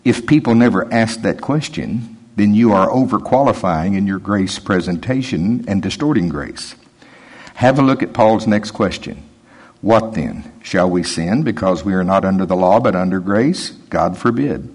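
A male preacher giving a sermon, talking in a conversational, emphatic way and dropping his voice low when he quotes. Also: expressive, moderate pace, darkish tone, husky.

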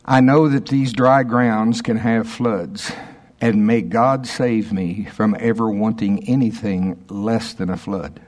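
A male pastor preaching a sermon, reading quotations slowly and emphatically with asides to the congregation. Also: on the low side, steady tone, darkish tone.

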